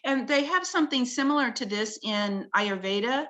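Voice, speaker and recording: Bright-voiced woman explaining with wonder. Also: a little high, normal speed. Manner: earnest, wonder-filled explaining. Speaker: guest presenting her research. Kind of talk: explanatory talk-show conversation with slides.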